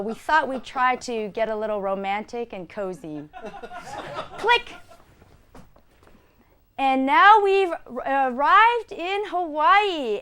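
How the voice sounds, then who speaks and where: A woman's voice: high-pitched, fairly bright tone, slight background noise. A woman improv performer narrating a mock vacation slideshow in a comedy sketch.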